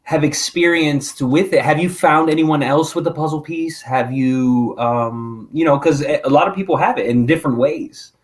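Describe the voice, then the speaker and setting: A male talk show host who asks questions in a halting, thoughtful way, with many ums. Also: a little high. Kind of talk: interviewer in casual chat.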